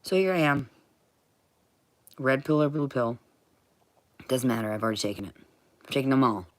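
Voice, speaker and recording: A woman vlogging in a rambling, profane monologue, swinging from muttering to shouting. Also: rumbling low, moderate pace.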